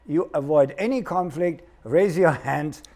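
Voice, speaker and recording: Guy guesting on a talk show, warm low-key tone, hesitant, says "and, and" a lot. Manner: measured, hesitant, stacks repeated "and"s. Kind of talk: discussion show chat.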